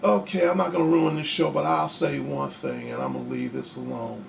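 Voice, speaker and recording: Chicago-raised male host with a raspy, fry-laced voice, delivering a defiant, profane live rant from his bedroom. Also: fairly high pitch, expressive, a little fast, noisy background. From Chicago, USA. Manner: angry, defiant, profane, repeats himself. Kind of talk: heated livestream rant.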